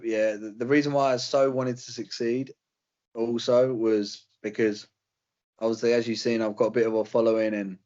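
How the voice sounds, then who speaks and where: A man's voice: medium pitch, darkish tone, lo-fi sound. A young British man, a fighter, chatting casually in an interview, rambling with slang and fillers. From Britain. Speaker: UFC fighter guest.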